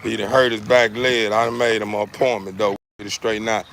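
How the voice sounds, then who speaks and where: A man's voice: on the low side, steady tone, fairly quick, few pauses, a bit bright. A man, casually showing off his dogs in an outdoor yard, repeating himself and calling to them. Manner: laid-back, repeats phrases, talks to his dogs. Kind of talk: casual vlog narration. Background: dogs playing.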